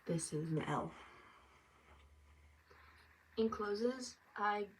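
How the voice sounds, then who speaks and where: A tired woman from France chatting casually as she gets ready, rambling and now and then dropping to a soft whisper. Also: mid-range voice, expressive, very slow, slight background noise. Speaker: vlogger. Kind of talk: casual get-ready-with-me chat. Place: at home getting ready. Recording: distant mic, faint room ambience.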